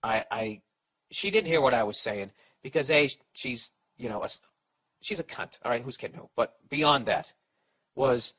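A man's voice: mid-range voice, normal speed. A man hosting a comedy podcast, giving advice in a profane, rambling rant, restarting sentences and mimicking people. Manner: profane, rambling, animated ranting; restarts and mock voices for people in stories.

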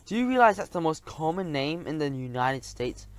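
A man's voice: on the high side, sing-song, moderate pace, clear, resonant tone. A man voicing a kindly, pleasant female mouse professor in a storybook reading. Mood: amused.

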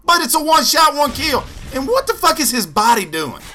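Young male gaming host, angry sarcastic ranter, high-pitched, cutting tone. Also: sing-song, moderate pace, sharp tone, a little hiss or hum. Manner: profane, ranting, sarcastic. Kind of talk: angry gameplay commentary.

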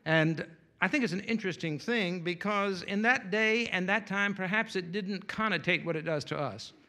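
A man's voice: sits high, moderate pace, sharp tone. A male pastor, preaching a sermon and telling a folksy, humorous story with playful asides.

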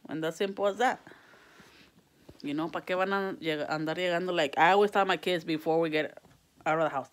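Heated and exasperated, a woman vents to camera in a casual vlog, cursing and code-switching with English mid-sentence. Her voice is lowish and fairly quick, broken up by long pauses.

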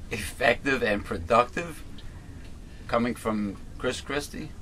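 A man trading jokes and puns in a casual political talk show, with an emphatic, punchy delivery. His voice sits at an ordinary middle pitch. Steady background noise hums under the recording. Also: slow. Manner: wisecracking, punning, emphatic. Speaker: co-host.

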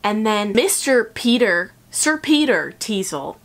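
A woman's voice: medium pitch, takes it slowly. Sarcastic young woman ranting casually. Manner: animated, sarcastic, swears freely, acts out characters in quoted voices. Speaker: vlogger. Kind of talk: casual book review chat.

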